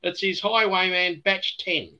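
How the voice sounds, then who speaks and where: Aussie bloke, high bright voice, laid back rambling stories on a podcast call. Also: male voice, unhurried, dull audio. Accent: Australian. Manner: relaxed, rambling storyteller with a dry chuckle. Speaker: guest distiller. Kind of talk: casual podcast chat. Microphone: remote call.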